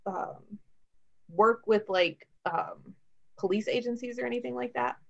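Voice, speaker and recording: A woman's voice: fairly high pitch, unhurried, gravelly. A woman hosting a podcast, chatting casually and hesitantly with many fillers. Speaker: podcast host. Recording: dull lo-fi sound.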